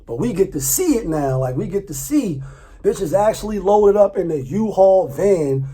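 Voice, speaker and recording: Husky-voiced man ranting casually. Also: high voice, expressive, moderate pace, dark tone. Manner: loose, profane, repeats himself, laughs often. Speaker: vlogger. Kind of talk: casual commentary.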